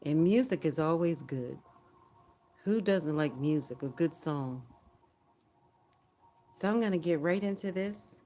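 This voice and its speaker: A woman's voice: low-pitched, lively intonation, a little slow, pauses often, mellow. Chatty woman hosting a prayer livestream. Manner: chatty, laughs often, reads comments aloud. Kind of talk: casual livestream talk.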